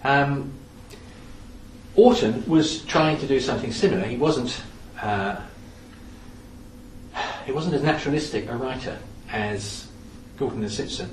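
A man giving a lively, anecdotal talk in a lecture-style storytelling manner. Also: medium pitch, a little slow. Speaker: speaker on theatre history. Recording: echoey room from some distance, faint background noise.

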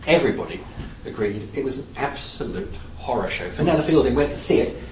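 A man giving a lively, anecdotal talk in a lecture-style storytelling manner. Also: mid-range voice, fast. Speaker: speaker on theatre history. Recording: echoey room from some distance, faint background noise.

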